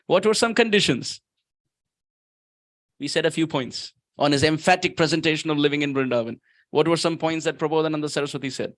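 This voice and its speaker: A man preaches at a temple in a high, ringing voice. He tells stories with emphasis and slows right down to chant verses. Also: animated. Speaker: guest speaker at temple. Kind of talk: sermon.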